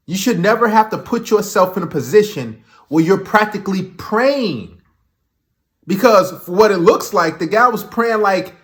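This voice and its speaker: Blunt, lecturing male dating coach. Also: high-pitched. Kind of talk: dating advice commentary.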